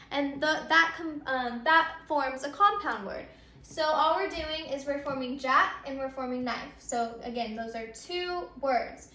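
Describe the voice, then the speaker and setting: A woman's voice: high voice, pushed and bright, a little hiss or hum. A woman teacher explaining grammar step by step, repeating her points with frequent ums. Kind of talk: recorded grammar lesson. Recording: echoey room.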